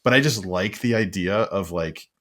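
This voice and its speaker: A man with a low, deep voice hosts a relaxed interview. He sounds eager and engaged, and laughs readily. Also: normal speed. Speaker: podcast host. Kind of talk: casual interview.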